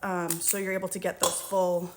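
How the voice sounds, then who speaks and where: A woman's voice: on the low side, little pitch movement, moderate pace, background noise. A woman teaching a cookie recipe in real time, chatting and reassuring viewers as she mixes and scoops in her home kitchen. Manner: chatty, reassuring, talks while working. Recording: kitchen clatter of dishes and utensils.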